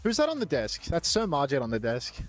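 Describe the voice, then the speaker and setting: A man's voice: on the high side, huge pitch swings, fairly quick, faint music behind. A man casting a co-stream, joking in casual chat with playfully boastful banter. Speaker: co-streaming esports caster.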